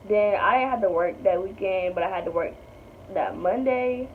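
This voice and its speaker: A woman's voice: mid-range voice, lively intonation, moderate pace, vocal fry. A young woman, telling a story in a chatty, blunt way with lots of swearing. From North Carolina. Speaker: vlogger. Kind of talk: casual storytime. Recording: tinny phone-like audio with faint hiss.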